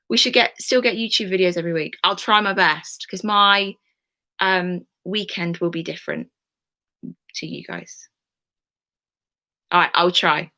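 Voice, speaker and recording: A young woman teaching history in a recorded remote lesson, talking to her pupils in a warm, reassuring, chatty way with fillers. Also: mid-range voice.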